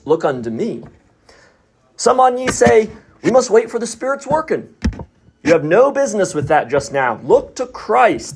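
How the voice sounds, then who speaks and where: A man's voice: high-pitched, vocal fry, pitched above the performer's own voice, full character voice. A man putting on a fervent Essex country preacher. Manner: fervent, plain-spoken preaching. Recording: noisy recording.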